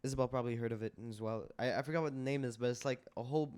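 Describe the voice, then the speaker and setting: A young man speaking as a podcast guest in relaxed, everyday chat. He interrupts freely and talks about things with easy enthusiasm. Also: mid-range voice, rapid-fire. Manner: chatty, interjecting. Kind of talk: casual chat.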